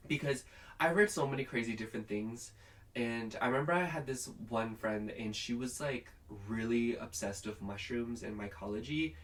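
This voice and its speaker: A man's voice: mid-range voice, far from the mic. A young man giving a casual, rambling tarot reading, chatty and full of fillers. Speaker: tarot reader.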